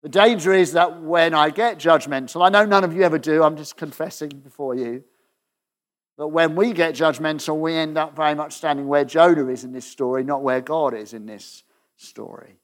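A man preaching a conversational sermon, often checking in with the congregation and letting his voice drop softly at the ends of phrases. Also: moderate pace. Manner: conversational, asks the audience questions with tag "okay?"; drops to a soft low voice at the ends of phrases.

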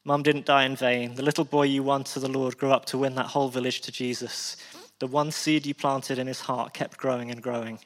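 Male preacher reading a soft, devout daughter, reassuring. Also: medium pitch, level tone, a little fast, in a large hall, close to an everyday voice. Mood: tender. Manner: tender, reassuring. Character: gentle devout grown daughter.

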